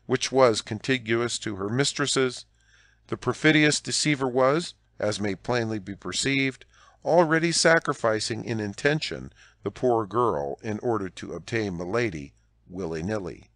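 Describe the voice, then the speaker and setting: A man's voice: mid-range voice, fairly bright tone, dry recording. Man reading an audiobook, dry and close. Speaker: audiobook narrator. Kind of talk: audiobook narration.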